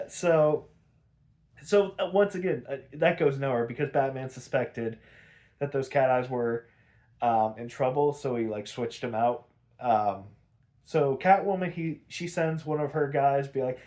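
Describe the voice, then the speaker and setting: A man's voice: on the high side, moderate pace, darkish tone. A man hosting a podcast, recapping an episode in a rambling, profane, casual way, full of "like".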